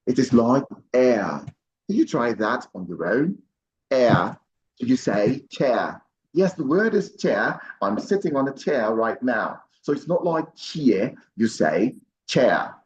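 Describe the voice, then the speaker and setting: A man teaching pronunciation in an online class, encouraging and repeating each word slowly several times. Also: mid-range voice, darkish tone, dull audio, slight background noise. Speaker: pronunciation coach.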